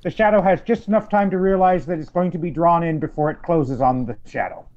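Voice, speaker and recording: A man playing in a tabletop game, explaining spells and rules in a measured way. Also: fairly high pitch, a little mellow. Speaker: player. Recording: dull lo-fi mic.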